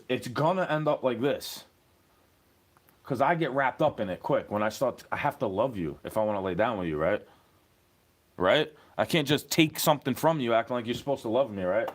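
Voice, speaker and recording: A man delivering a rambling, profane, aggrieved rant to the camera. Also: medium pitch. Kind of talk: ranting monologue.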